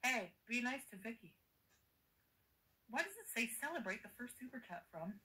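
A woman's voice: fairly high pitch, sing-song, normal speed, pushed and bright, rough recording. Exhausted, giggly woman livestreaming. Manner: chatty, giggly, greets viewers by name. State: exhausted, delirious from travel. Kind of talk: casual livestream chat.

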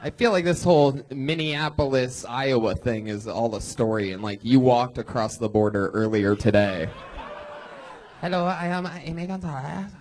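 A man hosting a live comedy show, loud, excitable, crude and teasing. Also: mid-range voice, normal speed, few pauses. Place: comedy club stage.

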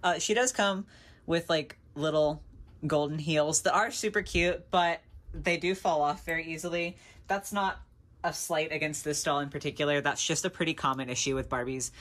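A young woman chatting casually in a doll haul video, gushing and excitable, laughing often and saying "like" a lot. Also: deep voice, moderate pace. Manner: gushing, excitable, giggly, lots of "like". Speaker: doll collector vlogger.

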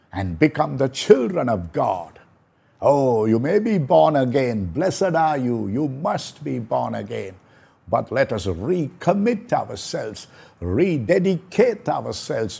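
A man preaching a slow, prayerful sermon, repeating phrases for emphasis. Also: mid-range voice, gravelly, a little mellow, breathy edge. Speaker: pastor.

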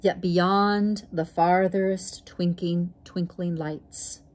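A woman voicing a wise old female turtle in a storybook reading, speaking slowly and softly. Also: on the low side, steady tone.

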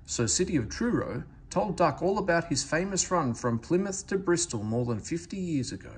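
A man reading a children's train storybook aloud, with expressive narration. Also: on the high side, moderate pace, few pauses, husky. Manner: expressive, lively character reading. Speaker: storybook reader.

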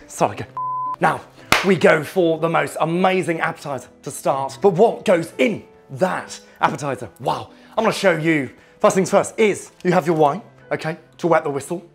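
A man putting on a hot-tempered celebrity chef, a foul-mouthed middle-aged man with a gravelly, slightly high voice. He keeps snapping "okay?" at the viewer and erupts into shouted tirades. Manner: swears constantly, keeps barking "okay?", bursts into shouting. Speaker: impressionist. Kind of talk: comedic cooking demonstration impression.

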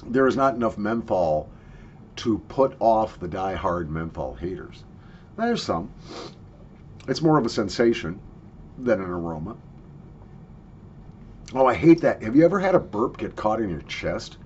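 Chatty man reviewing snuff, lively voice. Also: lowish voice, a little slow, pauses often, dull audio, slight background noise. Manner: chatty and jokey, with coughs and sniffs. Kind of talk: casual product review.

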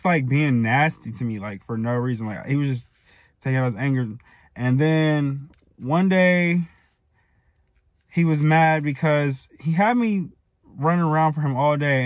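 A man's voice: mid-range voice, no echo, clean studio sound. A man in his twenties casually telling a personal story, heated and profane, rambling with many fillers and restarts. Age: 20s. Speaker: storytime vlogger.

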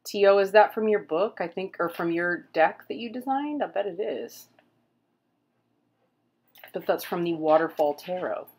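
Chatty woman with a lowish voice. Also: expressive, a little slow, pauses often, a little mellow, husky. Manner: chatty, rambling with many fillers. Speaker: tarot reader and vlogger. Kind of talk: casual book flip-through. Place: home room with pets.

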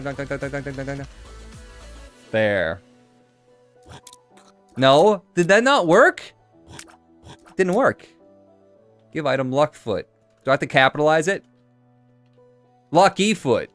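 Animated man streaming a game. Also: fairly high pitch. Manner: chatty, animated, reads and answers chat. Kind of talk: casual game-stream commentary.

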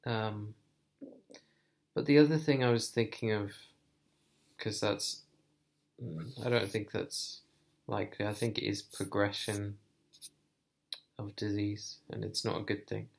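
A man talking to camera in a personal vlog, thoughtful and hesitant, thinking aloud with many pauses. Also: lowish voice, steady tone, vocal fry. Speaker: vlogger.

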